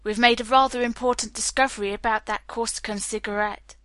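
A woman reading the part of a gruff, grouchy middle-aged police captain with a curt, grumbling manner. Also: on the high side, fairly even intonation, fairly quick, a bit bright, no room sound, natural voice.

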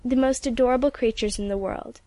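A woman playing a haughty, condescending lady with an icy, sweetly sarcastic politeness. Her voice sits fairly high and the storybook reading is dry and close. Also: fairly even intonation, a little fast, warm tone, dry recording, natural voice. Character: cold, condescending older lady of the house.

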